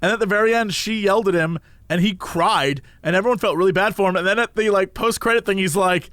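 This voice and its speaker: A man's voice: high-pitched, quick pace, few pauses, dry recording. A man co-hosting a podcast, casually chatting and acting out quotes as he tells stories. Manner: animated storytelling, acting out quotes. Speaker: podcast co-host. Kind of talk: casual chat.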